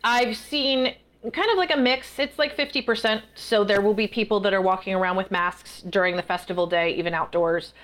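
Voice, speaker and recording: A woman guest author in a casual interview, telling stories in a chatty, animated way. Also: mid-range voice, fairly quick. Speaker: guest author and festival performer.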